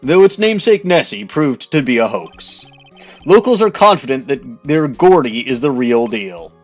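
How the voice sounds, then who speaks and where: A male TV news reporter with an exaggerated, mock-formal delivery, as a man puts on a silly voice. His pitch swings widely through each sentence. Faint music plays underneath. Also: sing-song, moderate pace, dull audio. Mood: newscaster. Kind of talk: comedic game playthrough voice-over.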